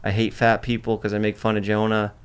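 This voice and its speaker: A man's voice: on the low side, completely flat delivery, a little fast, smooth. Brash, profane young man chatting loosely. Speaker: podcast host. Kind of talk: casual chat.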